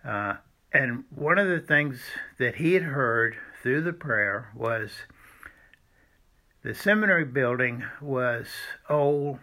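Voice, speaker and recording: A man recounts a personal church story. His voice is bright and forceful, and his delivery is halting, with many restarts and frequent throat-clearing. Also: mid-range voice, expressive. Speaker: former seminary student telling a church story.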